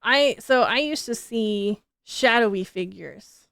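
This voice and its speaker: A woman's voice: a little high, lively intonation, slow, creaky, fairly bright tone, dry recording, studio quality. Chatty woman streamer, casual and rambling. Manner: chatty, rambling, swears casually, laughs often. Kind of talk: casual chat with viewers.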